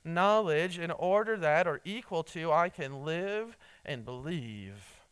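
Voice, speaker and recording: A man preaching an earnest sermon, halting often with restarts and fillers as he reads and explains scripture. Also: on the high side, lively intonation, a bit bright, clear, resonant tone. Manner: reads scripture and quotes aloud. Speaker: pastor.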